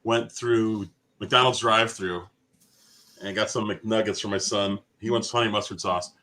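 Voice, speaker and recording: A middle-aged man telling casual stories on a live chat show over a video call, animated and mimicking the people in his anecdotes. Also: on the low side, normal speed.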